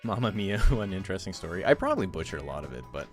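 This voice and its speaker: A young man with a low, sing-song voice talks fast over soft background music, chatting casually on a game stream. He's a streamer and game tournament host who rambles, uses lots of fillers, and laughs often.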